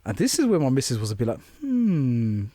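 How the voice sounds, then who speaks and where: Man telling an animated story. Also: mid-range voice, very fast, breathy edge, dry recording. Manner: animated storytelling with swearing and laughter. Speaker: podcast co-host. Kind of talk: casual chat.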